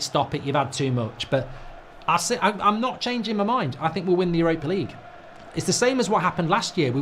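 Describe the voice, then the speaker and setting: A middle-aged man hosting a football watchalong, ranting in live match reaction with frequent swearing. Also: a little high.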